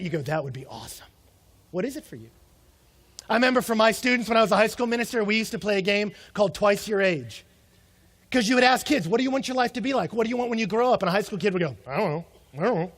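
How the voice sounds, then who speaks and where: A man's voice: high voice, fairly bright tone. A young adult man preaching a sermon in a conversational way, asking rhetorical questions and acting out short quotes. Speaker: pastor.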